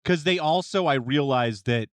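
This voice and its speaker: A man's voice: a little high, normal speed, clear, resonant tone, no room sound. A man co-hosting a podcast, arguing his points in casual chat with a wry, joking edge. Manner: wry, argumentative, jumps in with jokes. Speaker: podcast co-host.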